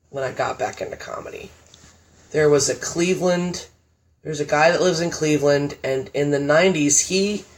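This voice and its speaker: A woman stand-up comedian, chatting as a podcast guest and telling stories in a blunt, profane, animated way. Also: deep voice. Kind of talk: casual chat, storytelling.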